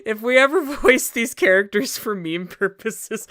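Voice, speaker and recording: A woman's voice: on the high side, lively intonation, measured pace, hardly any pauses, fairly bright tone. A woman voice actor chatting casually on an art stream, telling rambling stories. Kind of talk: casual chat while drawing on stream.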